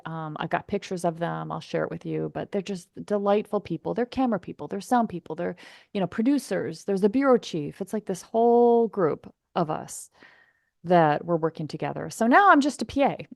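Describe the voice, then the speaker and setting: A woman from Wisconsin chats as a podcast guest, telling her story in a loose, conversational way. She is animated and jumps into little acted-out voices for the people she quotes. Her voice sits at a middle pitch and is recorded dry and close. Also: normal speed, dry recording. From Wisconsin, United States. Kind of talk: casual anecdotal storytelling.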